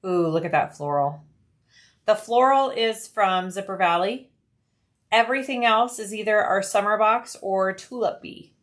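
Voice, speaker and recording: A woman's voice: mid-range voice, unhurried. Chatty woman sewing on a livestream. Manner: chatty, reads viewer comments aloud, explains steps. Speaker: live stream host. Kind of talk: casual livestream chat while sewing.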